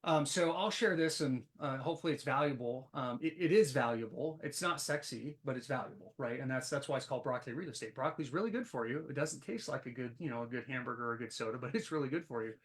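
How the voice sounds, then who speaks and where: A man's voice: mid-range voice, fast talker, few pauses. A man who is a podcast guest, telling stories animatedly with plenty of ums and restarts. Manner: animated storyteller, many fillers. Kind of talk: casual podcast interview.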